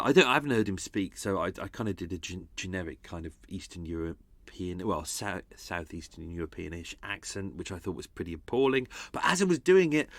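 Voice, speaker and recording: A man hosting a true-crime podcast, narrating in a grave, measured way and chatting in a rambling, self-mocking manner. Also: mid-range voice, no room sound. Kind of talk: scripted true-crime narration and casual chat.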